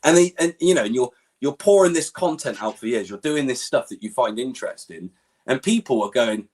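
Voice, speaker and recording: A man chatting on an online stream, animated and full of swearing, often mimicking other people as he talks. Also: mid-range voice, a little fast. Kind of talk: casual online stream chat.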